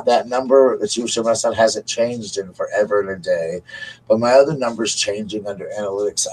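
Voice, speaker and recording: A man chats loosely on a live stream, rambling from one thing to the next and calling his viewers y'all. His voice sits a little low and has a husky edge. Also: darkish tone, low-quality recording. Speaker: livestream host. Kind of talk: casual live stream chat.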